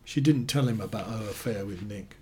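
A man reading short stories aloud in a dry, deadpan way. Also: lowish voice, brisk, slightly rough. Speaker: narrator.

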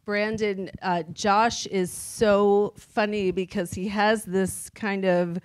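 A woman moderating a panel, asking long, thoughtful questions with pauses and fillers. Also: mid-range voice, flat delivery.

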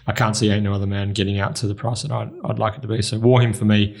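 Aussie racing podcast guy, gravelly voice, quick on the form guide. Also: on the low side, flat delivery. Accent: Australian. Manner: brisk, runs through form in quick bursts. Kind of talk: casual race preview chat.

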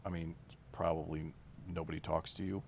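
A man's voice: a bass voice, flat delivery, normal speed, vocal fry. A man co-hosting a casual movie commentary, making dry, laid-back remarks. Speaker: podcast co-host.

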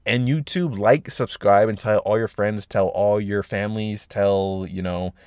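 A young man rambles through his solo podcast with a low voice, swearing freely and switching topics on a whim. His delivery is loose, slangy and animated, and the recording sounds close and dry. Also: measured pace, smooth, no room sound. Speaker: podcast host.

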